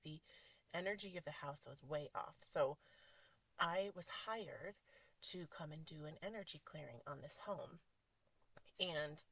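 A woman in her thirties hosting a podcast, telling a rambling, animated story in a casual way and saying "like" a lot. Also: sits low, no echo. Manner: rambling, heavy use of "like", animated retelling. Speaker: podcast host and energy healer.

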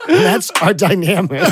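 A man's voice: fairly high pitch, noisy background. A man telling a crude story in casual podcast chat, swearing a lot and laughing as he goes.

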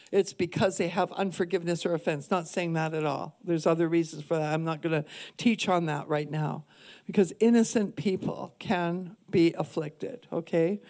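A woman's voice: on the low side, darkish tone. A woman minister preaching a sermon with earnest emphasis, repeating key points for weight. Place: church.

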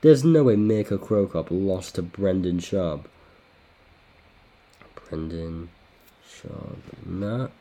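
Low, dark-voiced sweary man. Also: takes it slowly, pauses often, slight background noise. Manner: sweary, loudly incredulous outbursts. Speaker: podcast host ranking fighters. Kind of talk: casual podcast chat.

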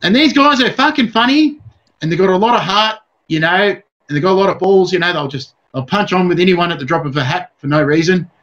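A man's voice: high voice, lively intonation, brisk, fairly bright tone. A man with an Australian accent, a comedian speaking as an interview guest, talking bluntly and swearing a lot while he rambles on. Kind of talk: casual interview chat. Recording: dull lo-fi sound.

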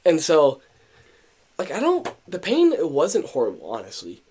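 Animated young man telling a story. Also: a little high, moderate pace, a little hiss or hum. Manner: animated storyteller, acts out quotes, many fillers and restarts. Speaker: podcast co-host. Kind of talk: casual storytelling chat.

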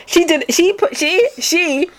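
A woman's voice: very high-pitched, slow pace, a little hiss or hum. A woman co-hosting a casual podcast chat, reacting with dramatic, exaggerated outbursts. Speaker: podcast co-host.

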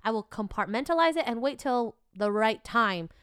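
Bright, enthusiastic woman in podcast chat. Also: a little high, animated, normal speed, smooth, no room sound, studio quality. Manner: enthusiastic, frequent affirmations. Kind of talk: casual chat.

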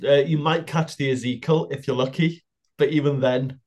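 A man's voice: mid-range voice, fairly even intonation, moderate pace, darkish tone. A man co-hosting a podcast, talking in an easygoing casual way with the odd swear. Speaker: podcast co-host. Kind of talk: casual chat.

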